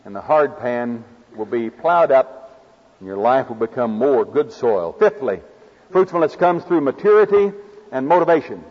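Man, Oklahoma accent, folksy sermon, breathy tone, dull lo-fi hall recording. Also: mid-range voice, animated, moderate pace. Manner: folksy, homespun delivery with farm stories. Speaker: preacher.

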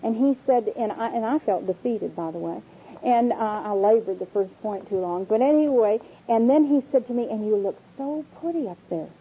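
A woman teaching a women's Bible class to a live audience, animated and humorous, acting out everyday household scenes. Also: on the high side, normal speed, slight background noise. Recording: tinny, narrow-band old recording.

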